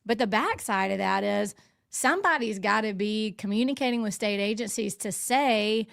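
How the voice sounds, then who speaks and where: A woman's voice: medium pitch, fairly quick, gravelly, dry recording, clean studio sound. A woman guest, a former state legal official, explaining her work in an articulate, explanatory way. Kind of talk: interview answers.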